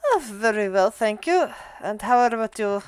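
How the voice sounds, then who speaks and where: A woman's voice: medium pitch, animated, moderate pace, clean tone, lightly acted. A woman voicing a polite, genteel male merchant with formal, courteous phrasing.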